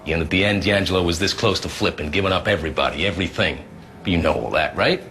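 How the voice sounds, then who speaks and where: Deep-voiced hard-nosed American cop. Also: male voice, fast talker, sharp tone, slight background noise. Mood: pressing. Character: hard-nosed male police detective pressing a suspect. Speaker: detective in a TV drama.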